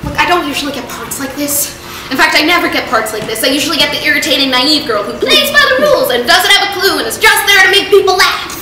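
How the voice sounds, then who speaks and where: A woman's voice: high-pitched, sing-song, fast talker, distant mic. A teenage girl performing a confessional one-woman stage show, swinging between jokes and tearful apology. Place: theater stage. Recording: echoey theater with room noise.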